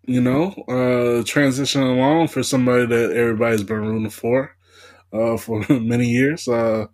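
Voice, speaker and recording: A man's voice: medium pitch, fairly even intonation, moderate pace, darkish tone. A man co-hosting a casual podcast chat, hesitant and full of fillers. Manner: hesitant, many uh and you know fillers.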